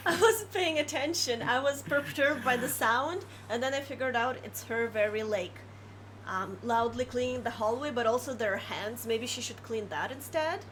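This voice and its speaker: A woman's voice: a little high, normal speed, a bit bright, slight background noise. A woman streaming a game, chatting casually and giggling as she plays. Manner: giggly, chatty while playing.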